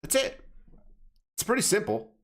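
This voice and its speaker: A man giving blunt, casual commentary on crypto charts, swearing, calling viewers "fam" and often correcting himself mid-sentence. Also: moderate pace. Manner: self-correcting, restarts phrases.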